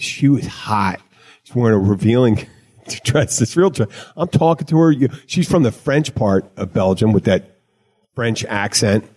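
A man's voice: medium pitch, a little mellow, slightly rough. A middle-aged man hosting a casual chat show, talking in a rambling way with restarts and laughs. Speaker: podcast host.

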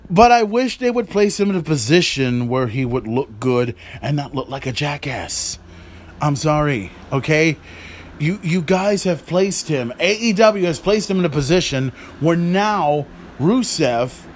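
A man hosting a podcast, ranting casually about wrestling with profane, exasperated rambling. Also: a little high. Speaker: podcast host. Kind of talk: casual wrestling commentary rant.

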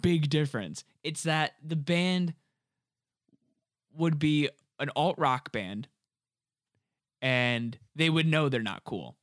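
A young man chatting casually about a movie, animated and joking, swearing freely. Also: a little high, dry recording, studio quality. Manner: animated, swears freely, quick jokey asides.

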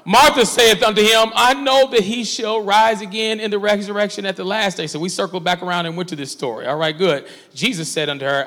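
A bright, high-pitched man leads a Bible study as pastor. He reads scripture and calls out to his class in a call-and-response way. His voice rings with long reverb from a church hall. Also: brisk, gravelly. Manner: call-and-response preaching, coaxing the class along.

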